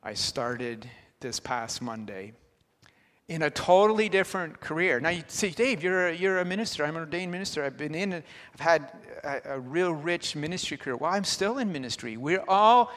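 Man in his sixties, earnest church testimony, slightly high voice, long hall reverb. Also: animated, normal speed, fairly bright tone. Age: 60s. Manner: earnest, conversational, with frequent restarts. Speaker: guest speaker, ordained minister. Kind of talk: personal testimony sermon. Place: church sanctuary.

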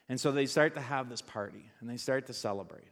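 Casual, animated male preacher in a church with long reverb. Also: mid-range voice. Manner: conversational, animated, asks the audience rhetorical questions. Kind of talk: sermon.

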